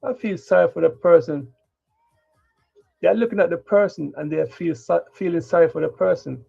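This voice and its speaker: A man's voice: a little high, moderate pace, creaky, mellow, breathy edge. A man ranting bluntly in a livestream monologue, with unfiltered cursing and a preachy, moralizing tone. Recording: dull lo-fi stream with faint music.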